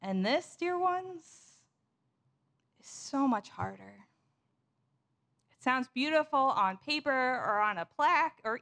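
A woman pastor preaching a sermon in a measured, storytelling way. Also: high voice, fairly bright tone.

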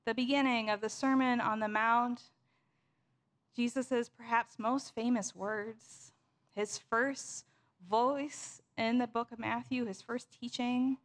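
A woman pastor preaching a sermon in a measured, storytelling way. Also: fairly high pitch, steady tone.

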